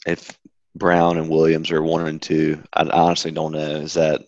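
A man with a very deep voice shares measured opinions in a casual sports podcast chat. His audio sounds slightly dull and lo-fi. The recording is dry, with no echo. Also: monotone. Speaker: podcast co-host.

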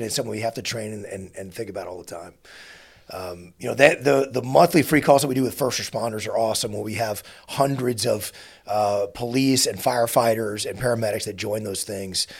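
A middle-aged man hosting an interview podcast, talking in a relaxed, halting way with many restarts. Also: medium pitch, creaky, husky. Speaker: podcast host. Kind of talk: conversational interview.

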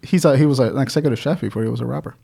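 A man's voice: medium pitch, very fast, vocal fry, husky. A man co-hosting a podcast in casual chat, joking and swearing freely. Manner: joking, profane, animated. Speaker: podcast co-host.

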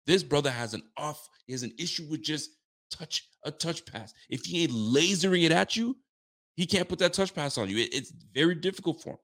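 A man's voice: a little high, animated, a little fast, a bit bright. A man hosting a late-night post-game reaction livestream, ranting emphatically and answering viewer messages. He is fired up but keeps his volume down. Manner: holding volume down while fired up; reads viewer messages aloud and answers them. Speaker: sports fan show host.

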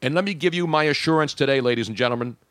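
A man's voice: mid-range voice, rapid-fire, fairly bright tone, dry recording, clean studio sound. A man hosting a casual sports talk show, joking and rambling between topics.

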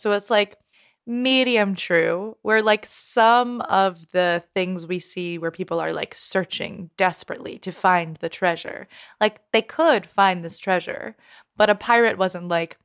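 A woman's voice: mid-range voice, steady tone, measured pace, clear, resonant tone. A woman co-hosting a podcast, chatty and playful, often laughing. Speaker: podcast co-host. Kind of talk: casual chat.

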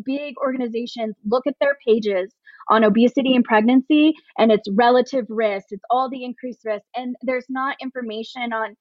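A woman with a fairly high voice speaks as a podcast guest, earnest and emotional, often restarting her sentences. The recording is dull and dry, with no room sound around her. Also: dry recording. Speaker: podcast guest, plus-size pregnancy advocate. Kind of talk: conversational interview.

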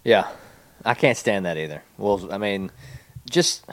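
A young adult man co-hosting a podcast in casual chat, telling rambling, animated stories. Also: lowish voice, unhurried, dry recording. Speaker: podcast co-host.

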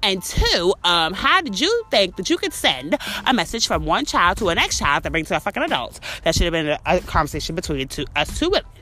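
A woman hosting a podcast, telling a story in a heated, profane rant that swings between outbursts and calmer stretches. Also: on the low side, a little fast, hardly any pauses. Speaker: podcast host. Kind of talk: ranting monologue.

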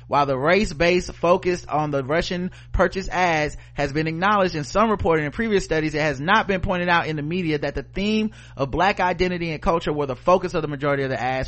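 A man's voice: a little high, a bit bright. A man with a Southern US accent co-hosting a podcast, ranting heatedly and sarcastically, swearing often and reading news aloud. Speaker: podcast co-host. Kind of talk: profane opinion podcast rant.

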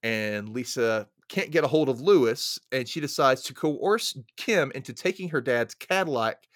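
A podcast host recaps a movie in a laid-back, casual way, acting out the characters' lines with sudden loud yelps. His mid-range voice is expressive at normal speed, and the recording is clean studio sound with no room sound.

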